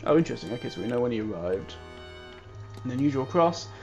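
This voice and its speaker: A man's voice: mid-range voice, big pitch swings, fast, darkish tone, highs cut off, faint music behind. A man chatting playfully while playing a mystery game, trying out accents and asking himself whether they come close. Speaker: gamer. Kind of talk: casual game commentary.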